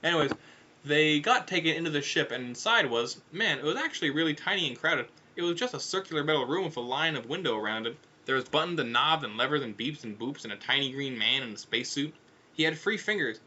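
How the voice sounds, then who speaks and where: Bright-voiced casual male storyteller. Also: a little high, animated, fast talker, dull audio. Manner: offhand, irreverent asides. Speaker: narrator. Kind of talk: casual comedic audiobook narration.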